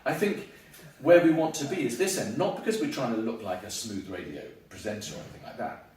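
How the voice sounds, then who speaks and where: A man working as a communication coach, telling anecdotes in a lively way and acting out voices, recorded in a salon. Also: mid-range voice, brisk. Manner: animated, acts out voices in anecdotes. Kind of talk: storytelling conversation. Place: hair salon. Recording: echoey room from far off.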